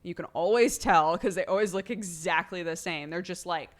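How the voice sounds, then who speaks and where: A woman's voice: lowish voice, normal speed. A woman streamer chatting casually with her viewers, laughing often and thanking subscribers by name.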